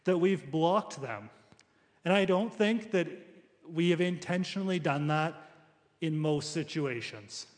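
Male pastor, fairly high voice, preaching in a casual, restarting style in a reverberant church hall. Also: unhurried. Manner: conversational preaching with frequent restarts. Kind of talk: sermon.

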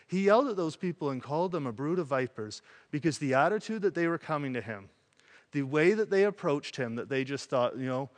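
A man preaching a sermon in an animated way, acting out voices as he tells a story. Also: on the high side, moderate pace, long reverb tail. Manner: animated, acts out quoted voices.

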